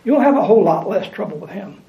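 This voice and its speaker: A man's voice: high-pitched, lively intonation, fast talker, vocal fry. A man preaching a sermon, reading scripture aloud and repeating lines for emphasis. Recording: echoey room, dull lo-fi sound.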